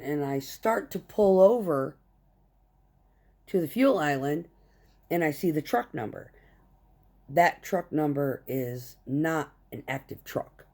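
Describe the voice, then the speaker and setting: A woman truck driver with a low, slightly mellow voice tells a heated, profane story about a conflict at work. She rants casually in short, clipped phrases.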